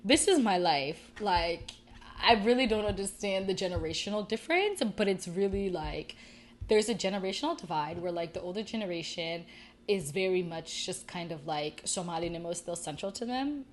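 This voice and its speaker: A young woman, hosting a podcast and telling a story in a casual, rambling, animated way. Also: lowish voice, normal speed. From United States. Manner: rambling, animated, filler-heavy. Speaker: podcast host.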